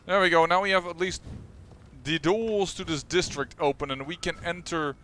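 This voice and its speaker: A man's voice: fairly high pitch, steady tone, normal speed, a bit bright, a little hiss or hum. A man hosting a let's play, chatting through his gameplay with wry, self-mocking remarks. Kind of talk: gameplay commentary. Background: faint game music.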